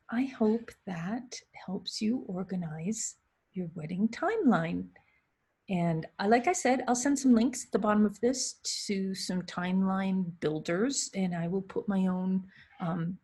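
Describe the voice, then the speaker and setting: A woman's voice: medium pitch, a little slow, warm tone, husky. A young woman with a New England accent, a wedding photographer chatting casually and rambling a bit as she hosts a solo Q and A. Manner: chatty, rambling, self-deprecating. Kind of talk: casual solo livestream talk.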